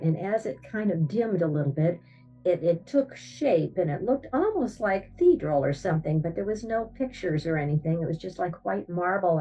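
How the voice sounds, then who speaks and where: A woman, perhaps older, giving a personal testimony, animated in her storytelling, jumping up in pitch when she acts out her own thoughts. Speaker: near-death experience storyteller. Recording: distant, dull sound with soft music bed.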